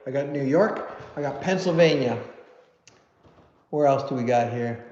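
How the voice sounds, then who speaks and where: A man's voice: medium pitch, unhurried, a little mellow. Chatty man on a roomy live stream. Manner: chatty, reads viewer comments aloud, self-deprecating. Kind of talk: casual live stream chat. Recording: dull, roomy audio with long reverb.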